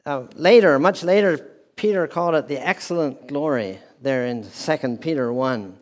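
A man preaching a sermon as pastor, speaking deliberately and repeating key phrases for emphasis. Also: fairly high pitch. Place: church hall with a speaker system. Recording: long reverb in a hall.

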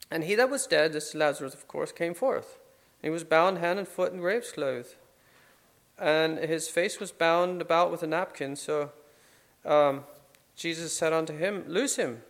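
A man's voice: a little high, creaky. A man giving an informal Bible study, talking things over conversationally with fillers and restarts. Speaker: Bible teacher.

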